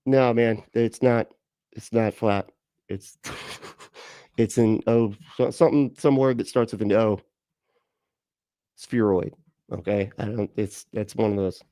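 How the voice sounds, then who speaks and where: Male streamer, low gravelly voice, dark tone, mocking and sarcastic, casual swearing. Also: no room sound, studio quality. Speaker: livestream host reacting to a video. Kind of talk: casual livestream commentary.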